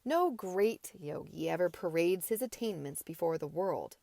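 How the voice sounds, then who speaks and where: A woman voicing a brash, loud middle-aged male teacher in an amateur audiobook, booming and bluff. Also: lively intonation, measured pace, gravelly, no echo, heavily acted. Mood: blustering. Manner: booming and bluff, mock-hectoring.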